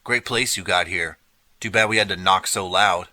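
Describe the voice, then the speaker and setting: A man's voice: deep voice, moderate pace, bright, forceful tone. A man voicing a cocky, mocking teenage boy biker in an audiobook.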